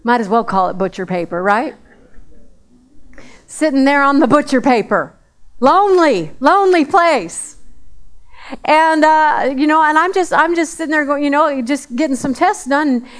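Lady preacher, kinda high voice, chatty sermon, says things twice. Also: normal speed. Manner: conversational, repeats phrases for emphasis.

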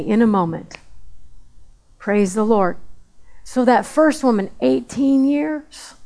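A woman's voice: fairly high pitch, darkish tone. A woman preaching a sermon in a conversational way, repeating phrases for emphasis.

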